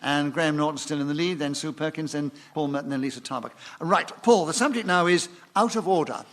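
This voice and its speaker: A man's voice: fairly high pitch, brisk, fairly bright tone. A man chairing a radio comedy panel game, formally announcing scores, timings and rulings. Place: radio studio before a live audience. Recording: live studio audience laughter and noise.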